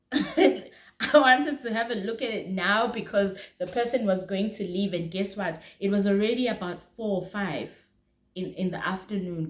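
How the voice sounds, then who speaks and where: A young South African woman telling a storytime in a casual, animated way, laughing often and mixing isiZulu words into her English. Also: mid-range voice, echoey room.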